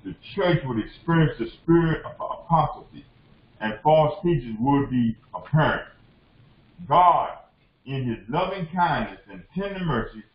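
A man preaching a sermon as a bishop, impassioned and repetitive, often calling out to the congregation. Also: fairly high pitch. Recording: echoey dull lo-fi room recording.

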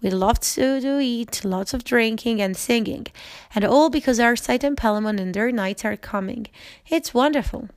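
A woman's voice: a little high, moderate pace, no echo, studio quality, lightly acted. A woman reading as cheerful townsfolk. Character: excited townsfolk, cheerful crowd voice.

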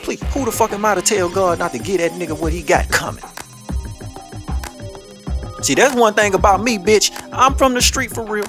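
A man with a high voice hosts a commentary show, ranting bluntly in heavily profane street talk and telling stories with lots of energy. He speaks at normal speed with long pauses, music playing in the background.

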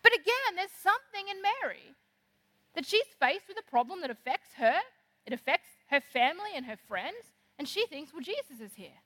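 A woman preaching a sermon in an animated, conversational way. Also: very high voice, normal speed. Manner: animated, conversational, acts out quoted lines. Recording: long hall reverb.

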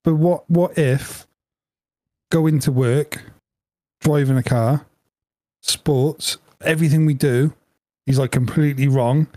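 A man's voice: on the high side, fairly even intonation, slow pace, long pauses, warm tone, no room sound. A man co-hosting a podcast, chatting casually and spinning playful what-if stories with snippets of acted dialogue. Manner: spins playful hypothetical scenarios, acting out bits of dialogue. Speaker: podcast co-host. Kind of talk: casual chat.

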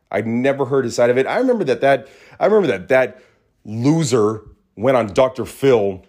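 A man hosting a podcast in a small studio, talking in an animated, ranting way that drops to low mutters. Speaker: podcast host. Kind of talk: casual ranting monologue.

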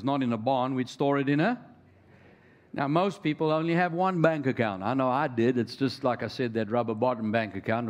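A middle-aged male pastor preaching a sermon, reading scripture and calling out to the congregation with rising emphasis. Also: mid-range voice.

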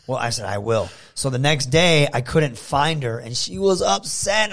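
Podcast guest, male wrestler from Michigan; gravelly, animated storyteller. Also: medium pitch, normal speed, few pauses. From Michigan, USA. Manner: animated storyteller, acts out quoted dialogue. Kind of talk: casual podcast chat.

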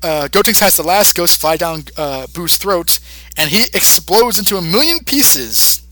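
A man's voice: high voice, dry recording, poor audio. A man co-hosting a podcast, recapping an episode in casual chat and jumping into put-on voices for the characters. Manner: animated, acts out character lines in quick put-on voices. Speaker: podcast co-host.

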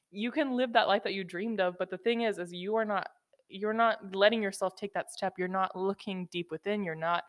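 A woman's voice: on the low side, fairly bright tone, dry recording, clean studio sound. A young woman hosting a solo motivational podcast, blunt and profane, giving teasing tough-love advice into a podcast microphone. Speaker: podcast host.

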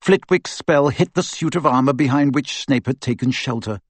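A man narrates a fantasy audiobook from a script, telling the story expressively. His voice sits in the mid range, the pace is normal, and the recording is dry.

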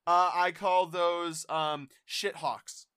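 A young man co-hosting a comedy podcast, delivering dry, absurd jokes deadpan. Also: sits high, takes it slowly, clear, resonant tone, no echo. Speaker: podcast co-host. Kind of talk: casual comedy podcast banter.

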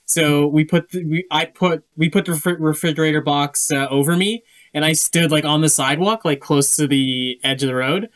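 Rambling young man, slightly high voice. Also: moderate pace, few pauses, fairly bright tone. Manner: rambling, self-correcting storyteller. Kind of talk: casual chat.

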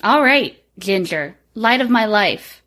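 A woman's voice: mid-range voice, lively intonation, slow pace, sharp tone. Woman, podcast co-host, joking, irreverent, swears freely. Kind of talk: casual chat.

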